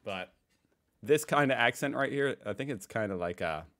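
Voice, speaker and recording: A man's voice: mid-range voice, normal speed, noisy background. A young American man with a General American accent, musing casually and self-deprecatingly while reacting to a video. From United States. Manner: relaxed, musing, self-deprecating, laughs often.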